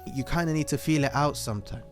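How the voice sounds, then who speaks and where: A man's voice: on the high side, fast talker, over music. A man hosting a casual vlog in a joking, chatty way. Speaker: host.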